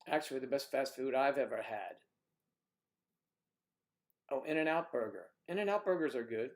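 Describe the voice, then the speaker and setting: A man's voice: medium pitch, expressive, normal speed. Joking man hosting a livestream. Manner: joking, rambling, teasing asides. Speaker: livestream host. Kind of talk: casual livestream chat reading viewer comments.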